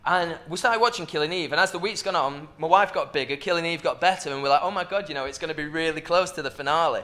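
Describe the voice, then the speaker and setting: A man in his thirties telling a stand-up story, cheeky and animated, sometimes building to shouts. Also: high-pitched. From England. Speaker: stand-up comedian. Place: comedy club stage. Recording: far mic, roomy club, crowd laughter.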